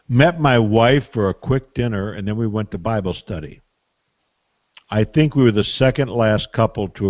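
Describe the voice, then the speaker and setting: A man's voice: lowish voice, a little mellow, no room sound. An older man, a parenting expert, giving advice on a call-in Q&A with folksy stories and emphatic asides. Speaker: parenting expert answering listener questions. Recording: dull, muffled call audio.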